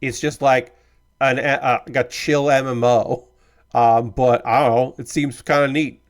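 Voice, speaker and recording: A man's voice: medium pitch, fairly even intonation, a little slow. A man hosting a live stream in casual chat, rambling and hedging, easygoing and apologetic, swearing now and then. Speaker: streamer host.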